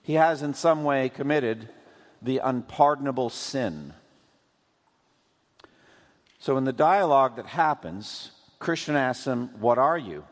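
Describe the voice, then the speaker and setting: A man preaching a sermon as a pastor, teaching in a measured, emphatic way. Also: mid-range voice, lively intonation. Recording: long hall reverb.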